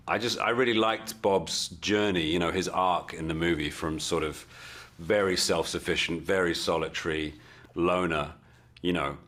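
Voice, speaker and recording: Casting: low-pitched English actor in an interview, restarts and fillers, casual. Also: male voice, bright, forceful tone. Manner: halting, repeats words and fillers as he thinks.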